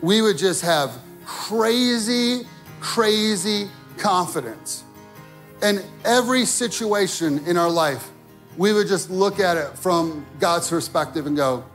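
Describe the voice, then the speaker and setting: A man preaching a sermon in a church, talking casually with lots of "like", rising to shouted peaks and dropping to quiet asides. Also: high-pitched, slow, soft background music. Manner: casual wording with many fillers like "like". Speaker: pastor. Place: church sanctuary.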